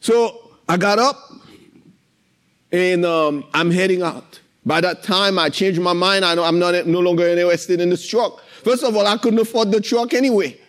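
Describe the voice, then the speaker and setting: A man's voice: high voice, normal speed, a bit bright. A man sharing a faith testimony about his Christian literature business, telling it in an earnest, emotional way and repeating himself as he goes. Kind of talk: personal faith testimony, storytelling. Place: in his warehouse.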